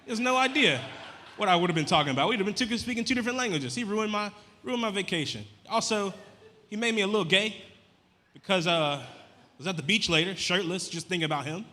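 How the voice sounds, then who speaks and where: Fast deadpan comedian. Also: male voice, sits high, big-room sound. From Louisiana. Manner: deadpan, rambling, dry delivery. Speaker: stand-up comedian. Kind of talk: stand-up comedy set. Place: comedy club stage. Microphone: handheld stage mic.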